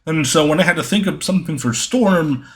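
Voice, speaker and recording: A man's voice: on the high side, brisk. A young man answering viewer questions in a casual, rambling monologue, full of ums and self-corrections.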